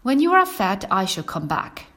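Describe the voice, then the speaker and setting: A woman's voice: medium pitch, big pitch swings, moderate pace, fairly bright tone. A woman voicing a hungry male coyote in a children's story reading, with a growly, threatening manner. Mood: hungry, gruff.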